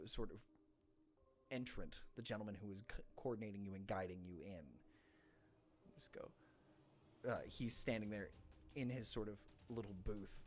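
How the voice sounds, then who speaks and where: Low-voiced man narrating as game master. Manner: rambling, loose narration with fillers.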